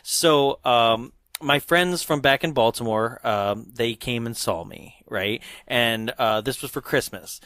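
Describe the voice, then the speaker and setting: A man's voice: medium pitch, measured pace, few pauses, dry recording. A man co-hosting a podcast, telling anecdotes in casual chat, laughing and acting out the people he quotes. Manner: animated storyteller, acts out quotes, laughs a lot. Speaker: podcast co-host.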